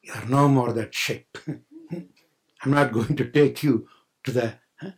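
Speaking unhurriedly in a steady, mid-range voice that's creaky and slightly rough, this older spiritual teacher turns his talk into a playful story. He laughs a lot and performs each character's voice in this storytelling sermon.

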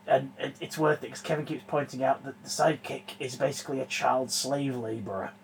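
A man co-hosting a podcast, chatting casually with teasing quick interjections. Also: mid-range voice, steady tone, vocal fry, a little hiss or hum, low-quality recording. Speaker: podcast co-host. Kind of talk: casual chat.

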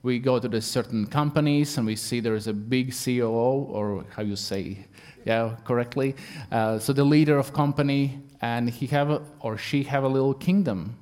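A man giving an informal spoken talk, pausing and searching for words, with non-native phrasing. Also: medium pitch, a little mellow.

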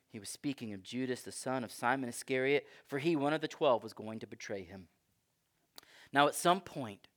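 A man preaching a sermon in a conversational, emphatic way. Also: medium pitch. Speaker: pastor.

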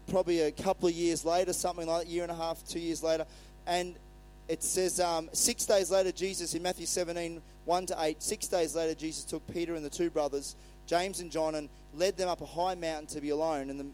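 A man's voice: on the high side, steady tone, brisk, a little mellow, low-quality recording. A male pastor giving a sermon in a conversational way, retelling scripture and acting out the quotes.

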